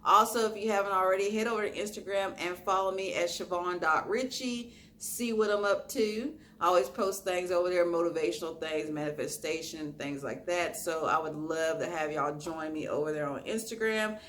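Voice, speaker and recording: A woman's voice: on the low side, moderate pace, hardly any pauses, slight background noise. A young woman vlogger telling a story to her viewers in a casual way, acting out what people said. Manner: animated storytelling, acting out quoted lines.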